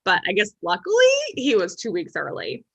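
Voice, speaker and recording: Bright-toned woman improviser. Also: mid-range voice, huge pitch swings, brisk, creaky, breathy edge, no room sound. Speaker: improv performer. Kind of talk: improv comedy livestream.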